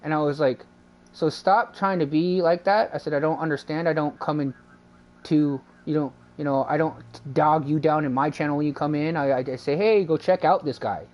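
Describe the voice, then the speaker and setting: A man's voice: on the high side, steady tone, a little fast, a little mellow. A male game streamer talks casually to his viewers. He rambles through a long retold exchange, acting out both sides with "and I was like". He swears freely and loosely. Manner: rambling, retells a dispute with lots of quoted back-and-forth. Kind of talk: casual live-stream chat.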